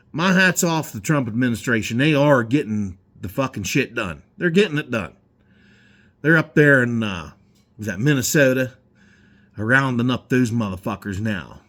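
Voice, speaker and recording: A man's voice: mid-range voice, expressive, moderate pace, fairly bright tone. A man in his garage, heatedly ranting in a rambling, profane vlog monologue. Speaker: garage owner. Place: indoor garage.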